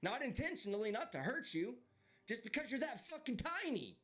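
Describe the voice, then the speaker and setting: A man's voice: extremely high pitch, big pitch swings, a little fast, fairly bright tone. A man streaming live, delivering a heated, profane and mocking rant. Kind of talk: ranting live stream commentary.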